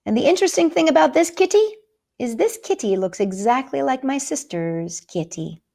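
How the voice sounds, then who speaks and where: A woman's voice: sits high, lively intonation, normal speed, creaky, warm tone. A woman hosting a children's story time, reading picture books and poems in a sing-song, encouraging way and talking straight to the kids.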